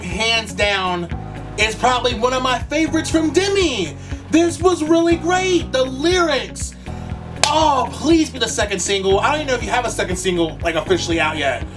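Man, music reaction vlog, campy, swearing, wildly swooping pitch, loud song behind him. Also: recorded from a distance. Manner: gushing, campy, profane, shrieking exclamations. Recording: loud song playing behind, voice a bit off-mic. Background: pop song playing.

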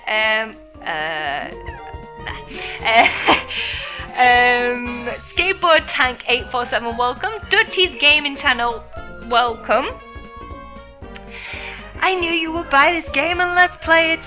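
A woman's voice: high-pitched, bright, forceful tone, highs cut off. A young woman live streaming a game, chatting with viewers and greeting them by name. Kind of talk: live stream chat while gaming.

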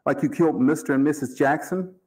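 A man reading aloud, voicing a calm, formal mortician who speaks with polite, amused menace. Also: fairly high pitch, breathy edge, pitched above the performer's own voice. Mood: cool menace. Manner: measured, formal, coolly amused. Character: calm, cold-blooded older male mortician, polite and menacing.

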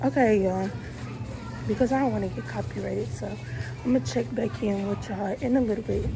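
A woman's voice: mid-range voice, fairly even intonation, a little fast, creaky, background noise. A young woman talking casually to her viewers in a vlog while out on errands, chatty and easily exasperated, a little out of breath from walking. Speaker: vlogger. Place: out and about, walking and driving.

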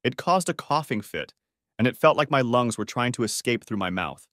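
A man's voice: mid-range voice, expressive, normal speed, fairly bright tone, dry recording, studio quality. A man narrating a first-person story as an audiobook, reading it dramatically.

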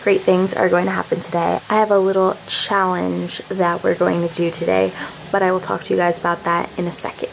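A woman's voice: on the low side, flat delivery, fairly quick, creaky, background noise. A woman of twenty-one chatting casually to her camera as a vlogger, often laughing. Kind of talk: casual vlog chat.

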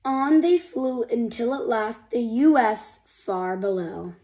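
A woman reads a children's picture book aloud, slowly and gently, with little restarts along the way. Her voice sits high for a woman. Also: lively intonation. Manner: slow, gentle read-aloud with small restarts. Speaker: storyteller.

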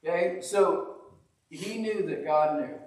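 Guy preaching a chatty sermon, kinda high voice, echoey church, sounds a bit far from the mic. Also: takes it slowly. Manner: folksy, self-deprecating, animated storyteller. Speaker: pastor. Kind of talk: conversational sermon with storytelling.

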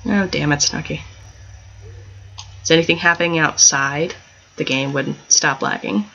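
With a low, gravelly, sharp-toned voice and an unhurried delivery, a woman who hosts a gaming channel talks casually over a life-sim game. She giggles frequently and rambles off into chatty asides in this let's-play, picked up by a dull lo-fi home mic.

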